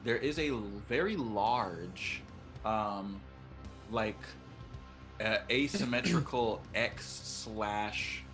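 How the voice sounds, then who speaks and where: A man's voice: fairly low pitch, animated, extremely slow, fairly bright tone, faint music behind. A man playing a tabletop game, bemused and joking. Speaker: player.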